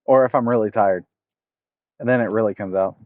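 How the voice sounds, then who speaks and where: An American man with a mild Southern accent livestreams outdoors at a park, casually explaining fishing rigs step by step in a tutorial and chatting with viewers over a headset mic. His voice is lowish and a little fast. The audio is dry, tinny and phone-like, with no echo.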